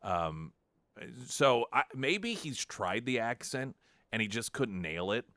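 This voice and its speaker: A man's voice: mid-range voice, sing-song, takes it slowly, pushed and bright, dry recording. A male talk radio host giving sarcastic, mocking political commentary in a studio. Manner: sarcastic, mocking, with frequent restarts. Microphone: studio microphone.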